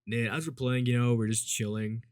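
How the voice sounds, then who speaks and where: A man's voice: steady tone, a little fast, clear, resonant tone, no echo, clean studio sound. A man telling a story in casual, rambling speech, swearing often and filling gaps with "like" and "you know". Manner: acts out quoted people with shifts in pitch and loudness.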